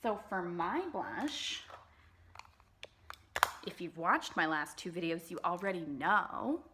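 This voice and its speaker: A woman's voice: on the low side, animated, slow pace, background noise. Bubbly chatty woman doing makeup. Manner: bubbly and chatty, many "like" fillers. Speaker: beauty vlogger. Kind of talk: casual makeup tutorial chat.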